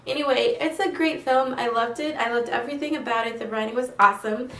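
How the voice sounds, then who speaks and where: A woman's voice: on the high side, quick pace, vocal fry, fairly bright tone. Young woman vlogger, chatty and effusive, recorded at a distance in an echoey room. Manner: gushing, chatty, many fillers. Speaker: film reviewer. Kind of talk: casual film review vlog. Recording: roomy, mic at a distance.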